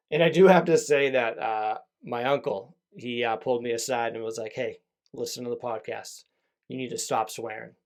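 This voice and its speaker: Rambling, swearing young podcast host. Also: male voice, mid-range voice, a little mellow. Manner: rambling, self-deprecating, swears freely. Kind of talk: casual solo podcast monologue.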